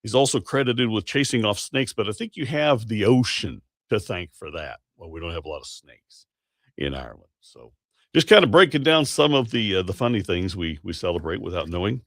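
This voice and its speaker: A man's voice: fairly low pitch, animated, a little fast, a bit bright, dry recording, studio quality. A man hosting a morning radio show, chatting in a rambling, self-correcting way. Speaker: radio host. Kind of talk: casual morning radio talk. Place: radio studio. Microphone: studio microphone.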